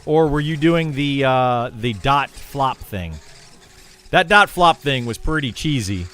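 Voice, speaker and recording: A man's voice: medium pitch, animated, slow, fairly bright tone. A young man streaming a game and chatting casually with viewers, rambling with lots of fillers and restarts. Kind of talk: casual livestream chat with viewers.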